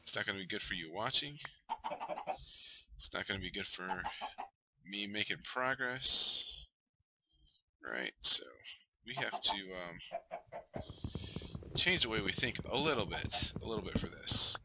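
A man's voice: fairly low pitch, moderate pace, long pauses, background noise. A man giving casual, self-talking commentary while playing a survival game, muttering and flaring up in frustration. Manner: talks to himself, mutters, flares up in frustration. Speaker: gamer streaming a survival game.

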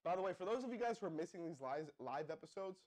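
A young man hosting a hyped live-stream marketing pitch, calling out to viewers and asking the chat to respond. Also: expressive, quick pace, darkish tone. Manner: pumped-up, addresses viewers as guys, asks the chat to respond. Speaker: livestream host.

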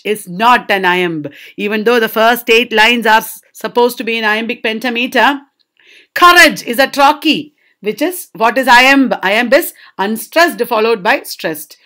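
A woman teaching a literature lesson, reading poem lines slowly and explaining them, often asking students if they understood. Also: a little high, sharp tone. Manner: slow, drawn-out poetry reading with checking questions to students.

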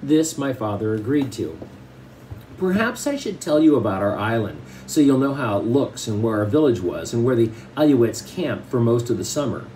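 Mellow man reading a novel aloud. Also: medium pitch, moderate pace, slight background noise, low-quality recording. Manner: relaxed, stops to explain in plain asides. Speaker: reader explaining a novel. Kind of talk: reading aloud with casual explanations.

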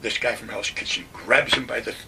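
An older man from Western New York, a WWII veteran, telling his stories in a recorded oral history, animated and acting out the voices of others. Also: on the low side, brisk, vocal fry, recorded from a distance, background noise. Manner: animated storyteller, acts out quotes, chuckles.

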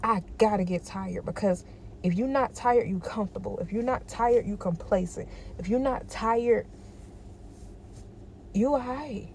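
A woman's voice: medium pitch, a little slow, gravelly, a little mellow, slight background noise. A tired woman in a personal vlog, talking emphatically and repeating herself to encourage herself. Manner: emphatic, repetitive, self-encouraging. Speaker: vlogger.

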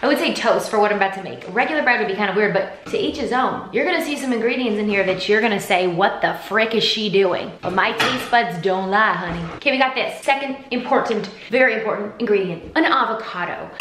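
A woman's voice: mid-range voice, expressive, brisk, fairly bright tone, a little hiss or hum. A woman vlogger chatting playfully through a cooking demo, bubbly and full of slang, at home in her kitchen. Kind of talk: casual cooking demo chat. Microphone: vlog camera. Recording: roomy kitchen echo, faint music.

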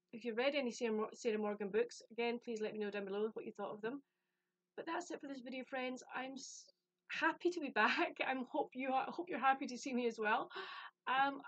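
A woman's voice: a little high, fairly bright tone, no room sound, lo-fi sound. A woman from the UK chatting casually about a book she received, rambling and self-deprecating. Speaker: book vlogger. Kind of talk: casual chat.

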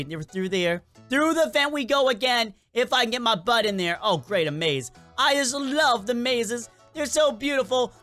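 A gaming channel host doing playful, animated let's-play commentary, joking with viewers and game characters. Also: mid-range voice.

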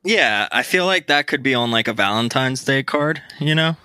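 A man's voice: medium pitch, lively intonation, moderate pace, pushed and bright, clear, resonant tone, dry recording. A man hosting a casual podcast chat, playful and laughing often, recorded remotely. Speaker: podcast host. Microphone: remote recording mic.

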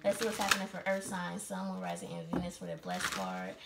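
A woman giving a casual tarot reading, chatty and slangy, with plenty of swearing and quick self-corrections. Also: on the low side, big pitch swings, vocal fry, heavy background noise. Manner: keeps correcting herself. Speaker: tarot reader.

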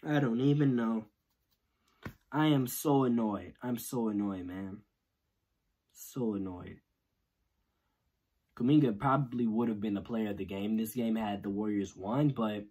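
Hosting a sports video channel, a husky-voiced man rants casually and irritably after a loss. He lurches between loud outbursts and low muttering in this post-game rant.

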